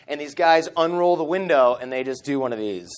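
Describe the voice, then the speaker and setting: A man in his thirties tells a tense story from a conference stage, his voice sitting a little higher than most men's. He is animated and slips into the lines of the people he quotes as he goes. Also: fairly quick, clean tone. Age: 30s. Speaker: conference speaker. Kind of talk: storytelling keynote talk. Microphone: stage microphone.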